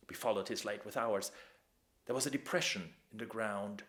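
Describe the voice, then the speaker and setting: A man reading his own dark story aloud, measured, dropping to a hush at tense moments. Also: lowish voice. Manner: measured, with sudden hushed drops. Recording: echoey room.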